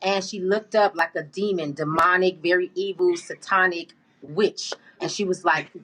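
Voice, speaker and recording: A woman's voice: lowish voice, fairly even intonation, normal speed, few pauses, fairly bright tone, a little hiss or hum, low-quality recording. A woman answering interview questions, telling her story in an emphatic, indignant way.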